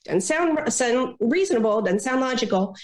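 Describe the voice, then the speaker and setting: A woman consultant giving advice in a podcast interview, talking in a lively way and acting out complainers in little quoted voices. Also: on the high side, moderate pace, reverberant. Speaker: guest consultant on difficult people.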